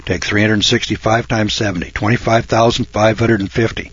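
A husky man in his late sixties hosts a radio program in a folksy, self-assured monologue. His delivery swings from low, muttered asides to loud, shouted outbursts. The recording is dry and dull, with a lo-fi sound. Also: level tone, fairly quick, dry recording. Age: 60s.

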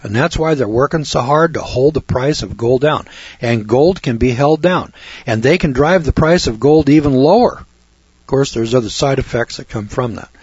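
Man, husky voice, folksy blunt preaching, dull dry lo-fi recording. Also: medium pitch, moderate pace, darkish tone, no room sound. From United States. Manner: blunt, folksy, addresses listeners directly.

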